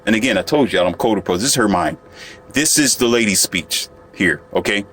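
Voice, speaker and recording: A man's voice: on the low side, lively intonation, fairly quick, fairly bright tone. A man telling a story to the camera in a casual, boastful monologue, often turning to the viewer. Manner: boastful, chatty, addresses viewer directly. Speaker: vlogger.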